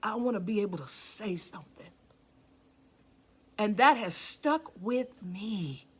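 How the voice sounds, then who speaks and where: A woman's voice: fairly high pitch, fairly bright tone. A woman pastor preaching with passion, calling out to the congregation and sometimes dropping to a near-whisper for emphasis. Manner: impassioned, calls out to the congregation. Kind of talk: sermon.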